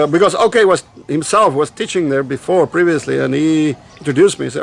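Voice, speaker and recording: A man's voice: on the high side, fast talker, creaky. A man from Africa, telling personal stories casually, swearing freely and drifting off on tangents. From South Africa. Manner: swears freely, digresses, retells dialogue. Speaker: vlogger. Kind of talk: casual storytelling.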